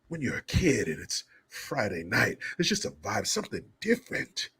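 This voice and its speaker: Male streamer, casual and profane, very animated intonation, mid-range voice. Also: medium pitch, moderate pace, creaky, hardly any pauses, husky. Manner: crude, joking, profane banter. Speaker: livestream host. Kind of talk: casual livestream chat reading viewer donations.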